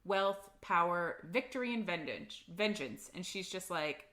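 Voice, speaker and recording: Woman podcast co-host, casual book recap, slightly low voice, filler-heavy and blunt. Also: expressive, moderate pace, hardly any pauses, fairly bright tone. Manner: chatty recap with lots of "like" and swearing. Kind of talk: casual book-club chat.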